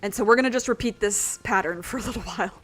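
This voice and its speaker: A woman streaming a video game chats casually with her viewers in a mid-range voice at a fast pace. She rambles, puts herself down, and uses lots of fillers throughout this casual gaming stream.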